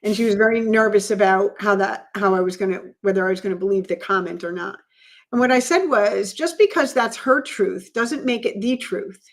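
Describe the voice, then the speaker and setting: A woman's voice: mid-range voice, brisk. A woman co-hosting a podcast as a coach, speaking earnestly and reflectively in casual conversation. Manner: earnest, reflective, shares personal stories.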